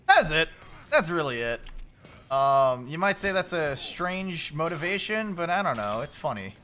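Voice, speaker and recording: A man in his late twenties talks loosely through a game stream, with a bright, forceful tone and lively jumps in pitch. He swears freely and barks at the game when a fight goes badly. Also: normal speed, soft background music. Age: late 20s. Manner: loose, profane, yells at the game. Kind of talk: casual game-stream chat.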